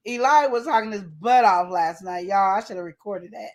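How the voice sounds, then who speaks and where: A woman's voice: medium pitch, moderate pace. A woman hosting a casual live show, chatting and teasing as she talks straight to her viewers. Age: adult with a child. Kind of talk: casual live-stream chat.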